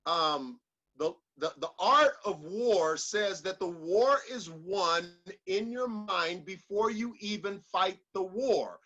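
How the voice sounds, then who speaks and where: A man's voice: sits high, takes it slowly, bright, forceful tone, muffled recording. A man giving a motivational speech in an emphatic, repetitive, preacher-like delivery. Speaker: motivational speaker.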